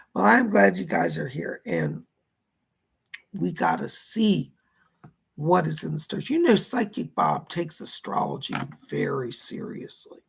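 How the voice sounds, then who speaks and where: Gravelly, husky man on a livestream. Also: on the high side, very animated, slow, long pauses. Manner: chatty, reads out viewer messages and responds. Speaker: psychic astrologer hosting a livestream. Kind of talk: casual livestream chat reading viewer comments. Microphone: computer setup at a keyboard.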